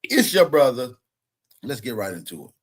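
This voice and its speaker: A man's voice: mid-range voice, sing-song, normal speed, slightly rough. A man hosting a reaction commentary, mocking and profane, with heavy emphasis. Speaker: commentary channel host.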